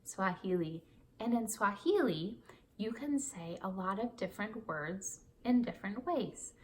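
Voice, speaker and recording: Woman, children's teacher, reads aloud, coaxes kids to repeat, unhurried. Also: medium pitch, expressive. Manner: encouraging, child-directed, asks to repeat after her.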